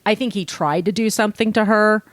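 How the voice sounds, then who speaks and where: A woman co-hosting a podcast, telling a true-crime story in casual, animated chat and swearing now and then. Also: mid-range voice, a little fast, dry recording. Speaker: podcast co-host.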